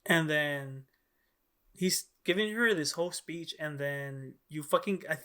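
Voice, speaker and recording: A man co-hosting a podcast, recounting things in an excited, slangy way with heavy swearing. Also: on the high side, a little slow. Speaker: podcast co-host. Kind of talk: casual chat.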